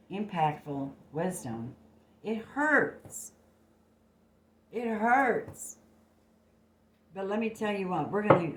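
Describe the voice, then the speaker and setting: A woman with a deep, slightly mellow voice does a casual tarot reading to camera, blunt, emphatic and freely swearing. The phone captures an echoey room and slight background noise.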